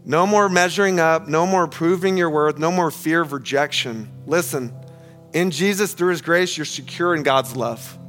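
A man preaching in a church sanctuary, his voice pitched high for a man. He is earnest and emphatic, repeating key phrases and addressing the congregation as friends. Soft music plays faintly underneath. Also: normal speed. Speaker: pastor. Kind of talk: sermon.

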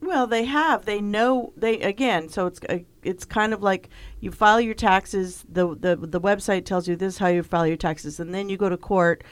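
A woman's voice: mid-range voice, moderate pace, few pauses, clear, resonant tone, no room sound. A woman, a guest on a podcast interview, explaining her point with plain everyday examples. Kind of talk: casual interview talk.

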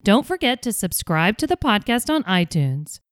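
A woman hosting a scripted English pronunciation podcast, modeling sounds slowly and carefully. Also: medium pitch, sing-song, dry recording, studio quality.

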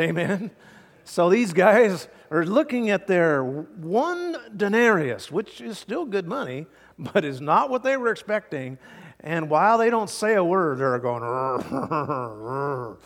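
Animated male preacher in a reverberant hall. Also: high-pitched, unhurried. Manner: animated, acts out quotes, chuckles often. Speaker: pastor. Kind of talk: expository sermon.

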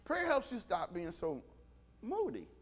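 A middle-aged man preaching a sermon, animated, swinging from quiet asides to shouts and acting out dialogue. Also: high-pitched, measured pace. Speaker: pastor.

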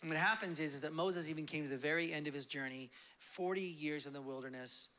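A man preaching a sermon as pastor, casual and animated, acting out the voices of God and his listeners. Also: on the high side, quick pace, slight background noise. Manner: casual, conversational preaching with fillers.

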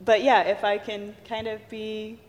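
A woman composer on a convention panel, telling stories in an animated way with frequent laughter. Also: mid-range voice, a little slow, a loud crowd. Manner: animated, laughs often, acts out quotes. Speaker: panel guest, horror film composer. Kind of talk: live panel storytelling. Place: large convention stage hall. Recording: reverberant stage hall.

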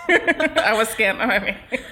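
A woman in her thirties co-hosting a podcast, chatting in an animated way, full of "like" and quick to laugh. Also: a little high, a loud crowd. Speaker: podcast co-host. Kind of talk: casual chat recapping a TV show.

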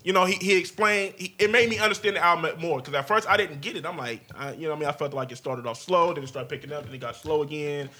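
High, bright-voiced man chatting loosely. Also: fast, hardly any pauses. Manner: animated, repeats words while searching for them. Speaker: guest on a music podcast. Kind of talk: casual chat.

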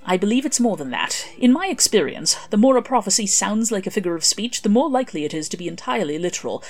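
A woman's voice: mid-range voice, very animated, quick pace, faint music behind, voice pushed up. A woman voicing a prim, fretful, bookish male angel who speaks in a precise, fussy way. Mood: explaining.

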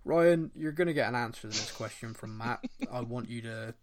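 A man with a Bristolian accent hosts a relaxed podcast, reading listener questions aloud in a medium voice. He laughs easily and pokes fun at himself between questions. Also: mid-range voice, normal speed, crowd noise. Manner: reads listener questions aloud, laughs often, self-deprecating. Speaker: podcast host. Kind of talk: casual podcast chat.

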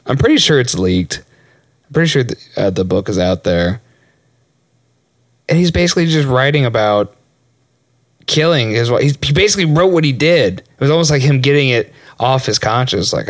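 A young male co-host with a medium-pitched, sing-song voice rambles through casual podcast chat at a moderate pace, laughing often and swearing freely. The recording is studio quality with no room sound.

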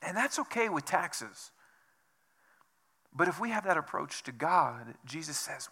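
A man's voice: fairly high pitch, animated, unhurried, long pauses, bright, forceful tone. A man preaching a sermon as pastor, asking rhetorical questions over and over and dropping to a whisper for emphasis. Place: church.

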